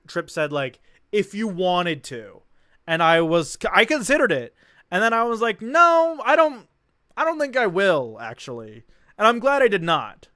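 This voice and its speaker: Animated young man streaming. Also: sits high, clear, resonant tone, dry recording, clean studio sound. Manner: rambling, enthusiastic, laughs, repeats himself. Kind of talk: casual live-stream reaction commentary.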